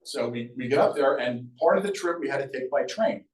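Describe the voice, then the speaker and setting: Heard from a distance in a roomy museum event room, an older Sea Isle City, New Jersey, local tells stories from memory to an audience. He talks a little fast in a middle-pitched voice, staying lively and conversational and performing the voices he quotes, all with noticeable echo.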